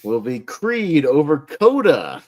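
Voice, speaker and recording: A man's voice: a little high, huge pitch swings, slow pace. A man hosting a casual online group chat, upbeat and laughing often as he runs the votes. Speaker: host.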